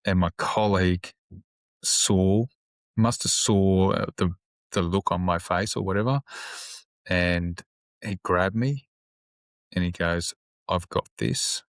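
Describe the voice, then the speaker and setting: A man's voice: low voice, takes it slowly, long pauses, dry recording. A man who works as a police officer, sombre and plain-spoken, swearing freely as he tells his story in a casual interview on a close podcast mic.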